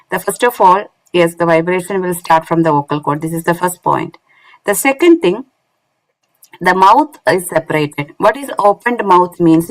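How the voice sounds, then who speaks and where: A woman's voice: fairly low pitch, poor audio. A woman teaching Quran recitation online in English with a non-native accent, explaining step by step and often checking with "isn't it?". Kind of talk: online lesson.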